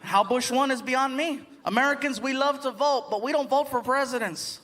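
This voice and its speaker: A man performing a stand-up comedy set on a live stage, animated and laughing often, slipping into voices for his bits. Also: very high voice, normal speed. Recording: live show with audience noise.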